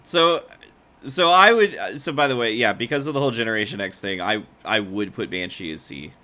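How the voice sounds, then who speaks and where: A man's voice: on the low side, lively intonation, a little fast, bright, forceful tone. A man co-hosting a podcast, leading a casual, swear-laced chat and steering the discussion. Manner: chatty, swears freely, leads the discussion. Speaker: podcast co-host. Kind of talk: casual comic-book ranking chat.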